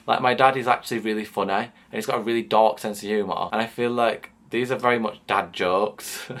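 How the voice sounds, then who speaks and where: A young man, chatting casually to camera in a vlog, self-mocking and quick to laugh. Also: lowish voice, a bit bright. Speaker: vlogger. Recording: faint background noise.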